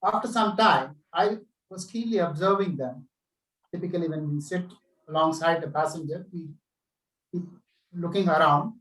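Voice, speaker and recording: A man's voice: a little high, normal speed, pauses often, fairly bright tone, echoey room, recorded from a distance, low-quality recording. A man giving a storytelling speech at an online club meeting, illustrating his points with anecdotes and quoted dialogue. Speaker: club speaker.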